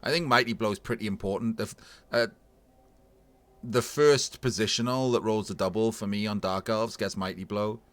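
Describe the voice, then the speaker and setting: A man casually commentating a video game tournament match, analysing plays in a relaxed, thinking-aloud way. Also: on the low side, moderate pace. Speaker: tournament caster.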